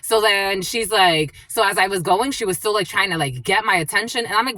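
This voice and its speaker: A woman spiritual reader telling a story in a blunt, profane, animated way, calling her listeners her lovies. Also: mid-range voice, quick pace, few pauses, dry recording. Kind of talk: casual storytelling monologue.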